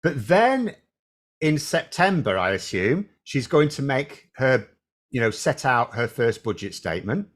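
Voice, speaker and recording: Male host, casual political talk, animated delivery with frequent restarts. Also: medium pitch, a little slow. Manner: animated, thinking aloud with restarts.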